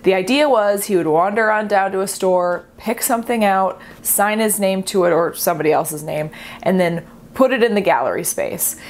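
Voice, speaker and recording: A woman's voice: fairly low pitch, a little hiss or hum. A young woman who is an artist, explaining art history in a chatty, playful, self-mocking way. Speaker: artist and video host.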